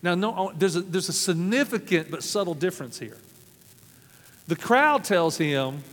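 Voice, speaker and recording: A pastor from Arkansas, preaching a sermon with folksy, humorous storytelling. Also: male voice, sits high, lively intonation, unhurried, fairly bright tone. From South Arkansas, USA. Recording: long hall reverb.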